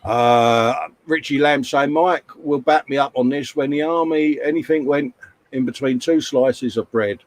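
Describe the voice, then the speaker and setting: Jokey live stream host. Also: male voice, mid-range voice, measured pace. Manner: chatty, jokey, reads viewer comments aloud. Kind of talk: casual banter.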